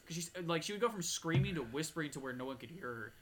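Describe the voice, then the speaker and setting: A man's voice: fairly high pitch, fast, a little hiss or hum. A man co-hosting a casual podcast chat, telling a work story and acting out the people in it. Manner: animated storyteller acting out quoted voices. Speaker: podcast co-host. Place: home garage.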